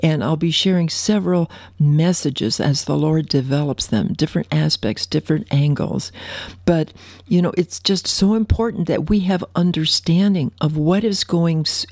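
A woman's voice: sits low, darkish tone, dry recording. Fervent woman radio preacher, dry sound. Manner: fervent, affectionate, reads scripture slowly. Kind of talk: radio sermon.

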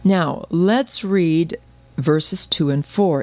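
A woman's voice: fairly low pitch, lively intonation, moderate pace, a little mellow, no echo. A woman giving a sermon-style Bible teaching, earnest and emphatic with wry asides.

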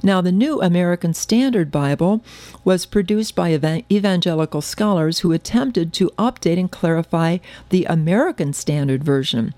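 A woman's voice: on the low side, expressive, normal speed, mellow, no room sound. A woman giving a sermon-style Bible teaching, earnest and emphatic with wry asides.

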